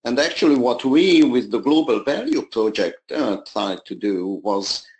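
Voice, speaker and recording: A man speaking as a panelist in a panel discussion, halting and pausing often with fillers as he talks. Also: medium pitch, animated, a little mellow, a little hiss or hum, poor audio. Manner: halting, with many pauses and fillers.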